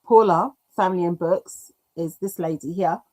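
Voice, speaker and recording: A British woman hosting a craft livestream, chatting casually and reading comments aloud, self-mocking and quick to laugh, with an occasional cough. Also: on the low side, dark tone. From United Kingdom. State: coughing now and then.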